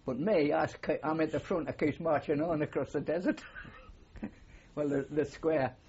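A man's voice: fairly high pitch, steady tone, normal speed, darkish tone, breathy edge, dull audio. An older man with a Geordie accent, a war veteran telling rambling stories with many fillers in an oral history interview. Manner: rambling anecdotal storytelling with frequent fillers.

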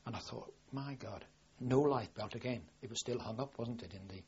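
Husky older man recounting wartime memories. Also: mid-range voice, normal speed, highs cut off. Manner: rambling with frequent restarts, lively when quoting himself. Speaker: war veteran recalling service. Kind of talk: oral history recollection.

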